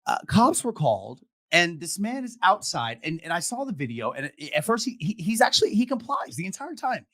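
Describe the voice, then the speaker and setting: A man's voice: high voice, big pitch swings, fairly bright tone. A man hosting an online discussion show, talking with feeling and stumbling over repeated restarts. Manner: impassioned, halting with repeated restarts. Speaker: podcast host. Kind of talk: emotional casual discussion. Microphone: video call.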